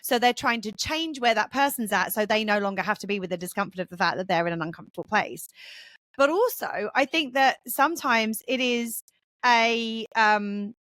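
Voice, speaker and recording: A woman co-hosting a podcast over a remote call, talking in a casual, rambling way. Her voice sits a little high and sounds close and dry, with no room around it. She tells her stories with lively animation. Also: normal speed, dry recording. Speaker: podcast co-host.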